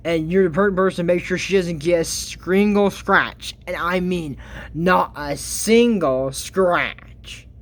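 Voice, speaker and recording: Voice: mid-range voice, fairly even intonation, normal speed, hardly any pauses. A commentator recapping a cartoon in casual comedic commentary, exasperated, with laughing asides.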